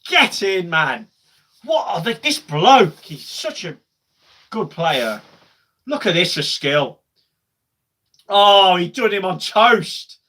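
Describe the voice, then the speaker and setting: A young man with a bright, fairly high voice, talking through a live football match for his stream. He chats loosely to viewers, then bursts into loud, cheering shouts when play heats up. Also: big pitch swings, takes it slowly, pauses often. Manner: chatty, swings to loud shouting at goals. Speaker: football watch-along streamer. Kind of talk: live match watch-along commentary.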